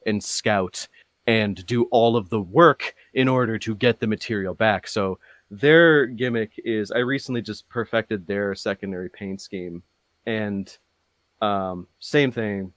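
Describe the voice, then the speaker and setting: Low-voiced man rambling in dry close-up. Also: no room sound. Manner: rambling, many fillers and restarts, gets animated. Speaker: podcast guest. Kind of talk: casual chat.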